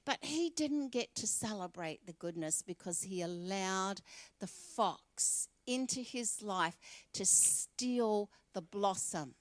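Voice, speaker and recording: A woman's voice: mid-range voice, dry recording. A woman pastor with an Australian accent preaching a sermon in church and speaking straight to the congregation in a conversational way. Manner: conversational, addresses the congregation directly.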